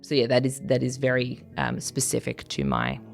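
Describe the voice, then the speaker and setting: A woman's voice: rumbling low, very animated, normal speed, gravelly, soft background music. An Australian woman, a writer, talking in a reflective, conversational way, full of fillers and restarts and frequent small laughs. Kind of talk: reflective casual interview talk. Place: living in Scotland.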